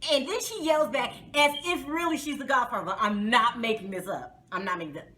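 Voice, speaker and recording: A woman hosting a casual review vlog, talking in an animated, outspoken and exasperated way and often laughing. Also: fairly high pitch, a little fast. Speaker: reality TV reviewer, vlog host. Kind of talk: casual spoken show review.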